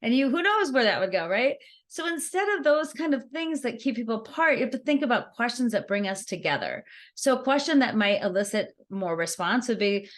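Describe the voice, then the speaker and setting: A woman giving a networking skills workshop, talking in an animated, conversational way and laughing easily as she acts out examples. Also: on the high side, fairly quick. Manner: laughs easily while explaining. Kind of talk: workshop presentation.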